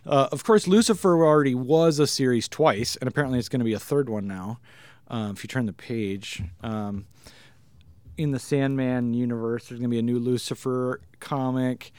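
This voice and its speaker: A man's voice: mid-range voice, moderate pace, a little mellow, clear, resonant tone, no echo. A man in his thirties co-hosting a casual comic book podcast, chatting as an enthusiastic fan. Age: 30s. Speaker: podcast co-host.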